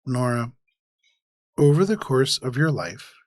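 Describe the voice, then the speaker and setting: A man running a tabletop role-playing game. He describes each scene in a measured, atmospheric way, at an everyday pitch. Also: very animated, dry recording. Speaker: game master.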